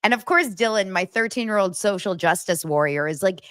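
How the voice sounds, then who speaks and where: A woman's voice: mid-range voice, lively intonation, a little fast, a bit bright, dry recording, studio quality. A woman in her forties hosting a casual livestream chat, laughing often and reading viewer comments aloud. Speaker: livestream host.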